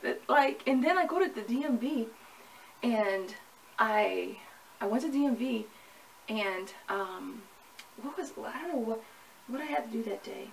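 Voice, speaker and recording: A woman's voice: a little high, lively intonation, unhurried, creaky, far from the mic, low-quality recording. A young woman chatting casually to camera in a pregnancy vlog, rambling and laughing at herself, hot and sweaty. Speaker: vlogger. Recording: from the mic with faint ambient noise.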